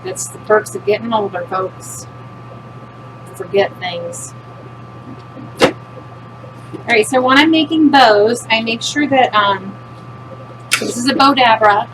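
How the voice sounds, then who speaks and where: A woman's voice: a little high, takes it slowly, long pauses. A middle-aged woman chatting casually as she demonstrates a craft project, working with her hands and making self-deprecating asides. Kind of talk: casual craft demo chat. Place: home with a loud furnace. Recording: noisy home recording, furnace hum.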